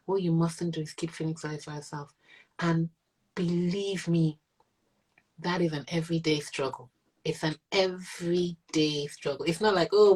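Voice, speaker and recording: In a candid interview, a middle-aged mother of an autistic child speaks earnestly and reflectively, sometimes voicing other people in quotes. Her voice is low and a little mellow, and the recording is rough.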